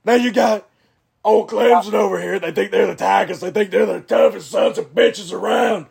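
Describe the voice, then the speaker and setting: Brief: man playing a brawling tough-guy wrestler, high raspy gravel, shouting bluster. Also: moderate pace, full character voice. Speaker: podcast co-host. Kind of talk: over-the-top wrestling promo rant.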